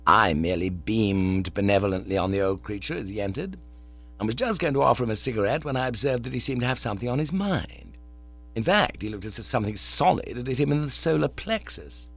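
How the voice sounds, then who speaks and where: A man narrating an audiobook in the first person with relaxed, lightly comic storytelling. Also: mid-range voice, a little fast, highs cut off.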